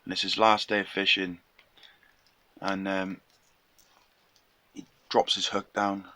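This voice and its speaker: A man's voice: low voice, little pitch movement, slow, pushed and bright, no room sound. A young man casually retelling a folk tale in a chatty, slangy way, acting out the characters' lines. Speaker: storyteller.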